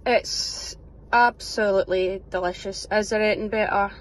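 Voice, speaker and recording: Her voice is mid-range and steady, at a normal speed, with a faint hiss or hum. She's a young Scottish professional footballer casually vlogging her day indoors, at home and at the training ground, whispering early in the morning and chatting cheerfully to her phone while poking fun at herself.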